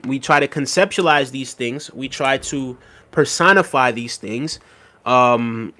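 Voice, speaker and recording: Laid-back man hosting a live stream. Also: mid-range voice. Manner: relaxed, conversational, laughs often, frequent "right?" and "big up". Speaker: livestream host reading chat. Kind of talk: casual live-stream talk.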